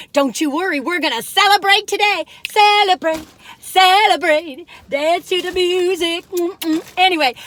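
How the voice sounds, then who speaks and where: A woman's voice: high voice, a bit bright. A middle-aged woman, chatting in a bubbly, rambling way as she taste-tests cookies in her parked car and sometimes breaks into song. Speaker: food review vlogger.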